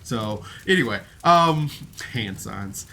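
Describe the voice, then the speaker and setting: A man's voice: lowish voice, expressive, slow pace, bright, forceful tone, a little hiss or hum. A man giving a casual, rambling review of a podcast episode on camera, emotional and full of fillers. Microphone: camera mic, seated on camera.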